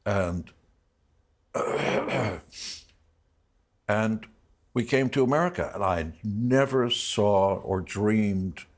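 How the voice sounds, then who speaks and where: Deep husky man telling a personal story. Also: lively intonation. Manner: reflective, halting, full of restarts. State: emotional. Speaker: interview guest.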